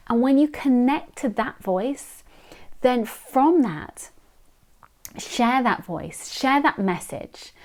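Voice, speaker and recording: Earnest woman with a high voice. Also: a little mellow. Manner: earnest, encouraging, repeats key phrases. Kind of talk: motivational talk to camera.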